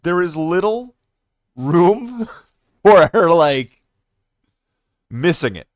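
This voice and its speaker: A man's voice: a little high, sing-song, drawn-out words, no echo, studio quality. A man live streaming a game, ranting with constant swearing and rambling restarts as he talks to his chat. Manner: rambling, heavily profane ranting with many restarts. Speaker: live streamer and gaming host.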